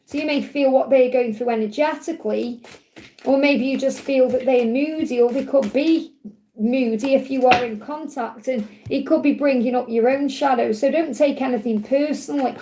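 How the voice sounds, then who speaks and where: A woman with a croaky voice giving a live tarot reading in a soothing, reassuring way. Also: high voice, dark tone. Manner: soothing, reassuring, repeats key phrases. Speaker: tarot reader.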